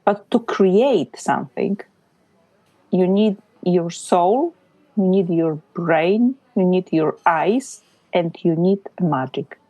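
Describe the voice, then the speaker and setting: Slow, dark-voiced woman podcast host. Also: lowish voice, no echo, lo-fi sound. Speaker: podcast co-host, business photographer. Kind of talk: casual podcast chat.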